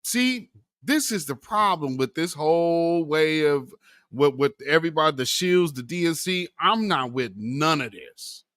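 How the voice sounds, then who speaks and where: A man's voice: fairly high pitch, animated, a little slow, fairly bright tone, no echo. A man hosting a political commentary vlog, impassioned and preachy, calling his viewers family and brother. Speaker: commentary channel host.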